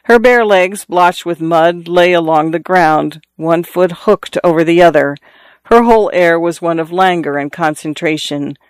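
A man reading a novel aloud in a measured storytelling manner, lifting his voice for characters' calls. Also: smooth, no room sound, studio quality. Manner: measured storytelling, lifts pitch for quoted calls. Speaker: audiobook narrator. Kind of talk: scripted narration.

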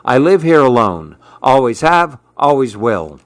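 A man's voice: mid-range voice, sing-song, measured pace, no room sound. A man voicing a grumpy, solitary man in a storybook reading, his lines fussy and insistent. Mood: stubborn. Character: grumpy solitary man who wants to be alone.

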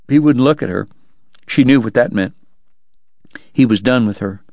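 A man narrating a novel aloud for a radio book program, in a measured, dramatic delivery. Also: mid-range voice, a little mellow, no echo, dull audio. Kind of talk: audiobook narration.

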